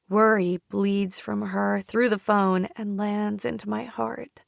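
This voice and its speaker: A woman narrating a first-person romance audiobook in an intimate, expressive way on a close studio mic. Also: medium pitch, slow, vocal fry, hardly any pauses, no echo.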